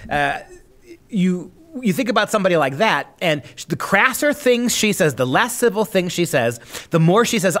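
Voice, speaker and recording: A man with a fairly high voice hosts a commentary podcast. He runs sarcastic, mocking riffs and drops into put-on voices to ridicule opponents. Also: very animated, moderate pace, a bit bright. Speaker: podcast host. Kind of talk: opinionated commentary.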